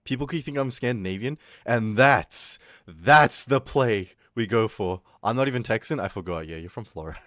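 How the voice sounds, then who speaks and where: A male streamer chatting casually with his viewers, swinging from loud outbursts to low mutters and swearing freely. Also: normal speed, dry recording, studio quality. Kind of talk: casual livestream chat with viewers.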